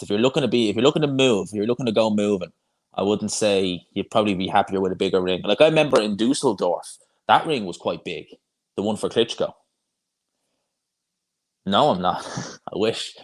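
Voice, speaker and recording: Hosting a live boxing watch-along, a young man with a lowish voice chats casually. He rambles through viewer comments and keeps restarting his sentences.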